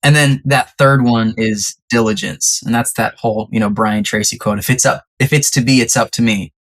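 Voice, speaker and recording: Podcast guest, conversational storytelling, animated, acts out quotes, mid-range pitch. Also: normal speed.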